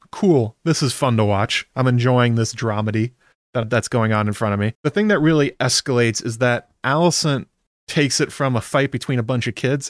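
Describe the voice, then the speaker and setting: A man's voice: medium pitch, no room sound, clean studio sound. A man chatting wryly through a casual episode recap, dropping the odd swear word. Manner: chatty, wry, drops occasional swear words.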